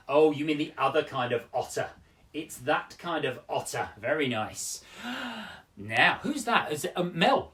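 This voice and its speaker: A man's voice: a little high, fairly bright tone, far from the mic. A man hosting a children's poetry show from home, playful and talking straight to young viewers as he leads word games and performs his poems. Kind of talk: live-streamed poetry workshop and performance for children.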